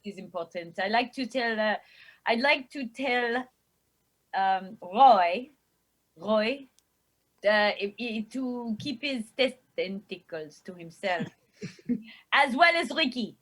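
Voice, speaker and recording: A woman voicing a flustered French exchange student in a tabletop game, with a French accent, speaking halting, broken English and stumbling into French phrases. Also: a little high, animated, a bit bright, exaggerated voice.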